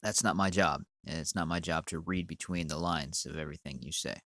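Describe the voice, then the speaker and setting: A man's voice: extremely low pitch, fairly quick, a bit bright, dry recording. A man with a sinus cold delivering a profane, rambling, stammering rant at a commenter on his channel. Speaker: channel owner. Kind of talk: ranting monologue.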